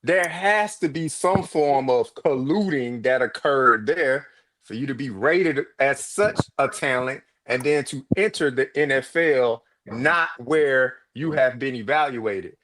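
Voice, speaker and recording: A man co-hosting a casual sports talk show, giving his views in a deliberate, emphatic way and reading out viewer comments. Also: mid-range voice, lively intonation, fairly bright tone.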